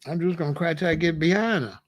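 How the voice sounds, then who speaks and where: A man's voice: on the high side, fast talker. A man hosting his own commentary channel, joking and bragging in a casual, streetwise rant.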